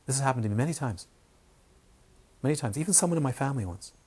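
A man's voice: medium pitch, expressive, fast talker, darkish tone, slightly rough. A man teaching meditation in a dharma talk, repeating key words for emphasis and sometimes dropping to a whisper. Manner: repetitive, emphatic, drops to a whisper in quotes.

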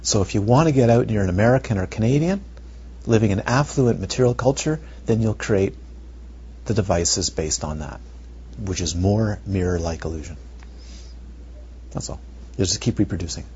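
A male meditation teacher giving a dharma talk, animated and rhetorical, sometimes dropping to near whispers, on a muffled recording. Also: lowish voice, moderate pace, long pauses. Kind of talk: dharma talk to retreat students. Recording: muffled lo-fi recording with faint noise.

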